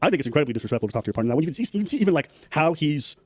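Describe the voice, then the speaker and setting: A man's voice: on the high side, very animated, racing. A man hosting a podcast in a casual chat, blunt, opinionated and profane. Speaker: podcast host.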